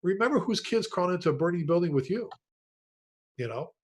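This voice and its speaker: A man's voice: high-pitched, animated, a little fast, husky. A man hosting a casual online panel chat on a video call, telling stories and addressing the panelists by name. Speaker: host, retired fire chief.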